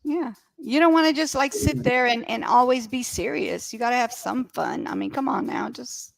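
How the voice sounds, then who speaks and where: A woman's voice: a little high, animated, normal speed, vocal fry, a crowd in the background. A woman co-hosting a casual relationship chat, upbeat and emphatic. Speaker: podcast co-host.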